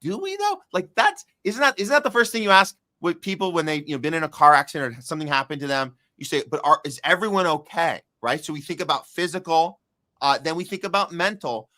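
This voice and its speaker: A man's voice: fairly high pitch, animated, quick pace, sharp tone, no echo, clean studio sound. A man hosting a podcast in casual chat, joking and chatty, talking straight to his listeners. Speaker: podcast host.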